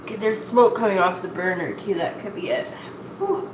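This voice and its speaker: A woman's voice: mid-range voice, normal speed. A woman from Scotia, chatting in a rambling, folksy, self-mocking way while she cooks in her home kitchen. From Nova Scotia, Canada. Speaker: cooking vlogger. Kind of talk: casual chat while cooking. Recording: echoey kitchen with cooking noise. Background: pots, dishes and kitchen clatter.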